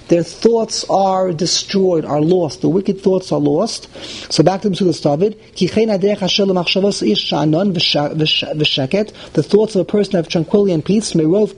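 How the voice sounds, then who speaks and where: High-voiced man teaching a text class. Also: husky, rough recording. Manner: translates phrase by phrase, animated and indignant at points. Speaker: Torah teacher.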